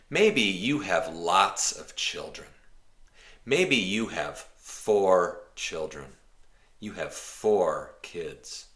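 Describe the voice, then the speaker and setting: A man teaching an English lesson slowly and clearly, rephrasing each example in simple words. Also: sits low, bright, forceful tone. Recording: roomy echo.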